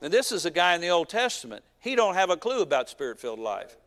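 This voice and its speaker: Folksy preacher guy, highish voice, big echoey church hall, keeps repeating stuff for punch. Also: very animated, fast talker, a bit bright. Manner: folksy, emphatic preaching with repetition and humor. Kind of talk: sermon.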